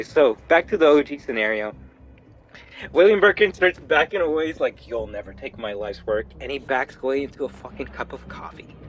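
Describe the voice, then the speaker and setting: A young man streaming a game, telling a story in an animated, profane way. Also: on the high side, dull audio. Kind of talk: casual gaming commentary.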